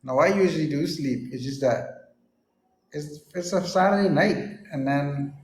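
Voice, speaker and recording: A man's voice: on the high side, normal speed, a little mellow, echoey room. A man joining a live stream for a casual chat, laid-back and tired, asking short questions.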